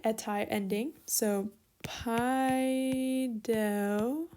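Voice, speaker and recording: A woman's voice: a little high, warm tone. A young woman teaching an online lesson, working through steps methodically and talking herself through small mix-ups.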